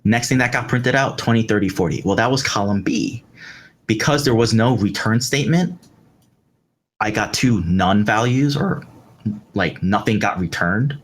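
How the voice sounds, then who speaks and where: A man's voice: lowish voice, animated, moderate pace. A man teaching a live coding tutorial, explaining step by step with fillers like "um" and "right" as he works. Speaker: instructor. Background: keyboard typing.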